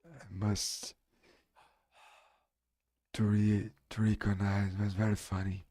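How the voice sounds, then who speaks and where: A man from Brazil with a Brazilian Portuguese accent and a strong voice, chatting on his live stream in halting English as a non-native speaker. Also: fairly low pitch, monotone, warm tone. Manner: halting, searching for English words. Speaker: game streamer. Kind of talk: casual live-stream chat.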